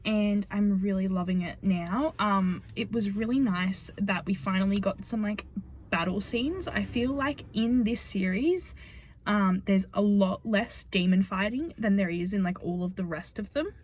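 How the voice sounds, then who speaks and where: A young woman chatting casually in a reading vlog, gushing about a book and sometimes dropping to soft whispers. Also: medium pitch, measured pace, a little hiss or hum. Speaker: book vlogger.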